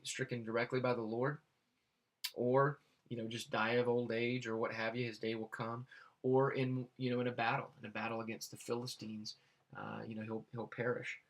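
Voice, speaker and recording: A man reading Bible verses aloud and explaining them in a halting way, with many fillers and restarts. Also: medium pitch. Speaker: Bible teacher.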